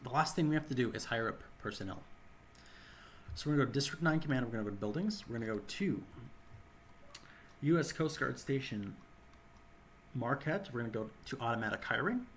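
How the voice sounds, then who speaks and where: A hoarse man with a sore throat giving rambling gameplay commentary, correcting himself as he goes. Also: medium pitch, animated, brisk, long pauses, fairly bright tone, a little hiss or hum. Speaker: game channel host.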